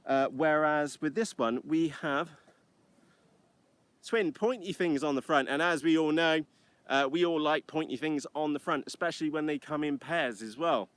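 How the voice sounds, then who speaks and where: A man's voice: on the high side, moderate pace, a bit bright, clear, resonant tone, dry recording. A British man hosting a live stream from a field, chatting casually and rambling cheekily with many uhs, recorded on an iPad. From United Kingdom. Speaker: livestream host flying model aircraft. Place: outdoors in a field.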